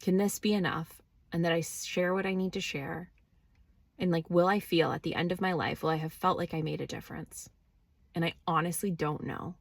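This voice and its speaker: A woman's voice: on the low side, steady tone, moderate pace, gravelly, no echo. A woman talking casually to camera from inside her car with no external microphone, blunt and swearing freely as she questions herself. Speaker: spiritual vlogger. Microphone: no external microphone, phone or camera.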